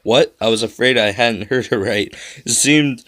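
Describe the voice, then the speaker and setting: A man's voice: medium pitch, normal speed, fairly bright tone, no room sound, clean studio sound. A man narrating a first-person spooky children's story with a dramatic delivery.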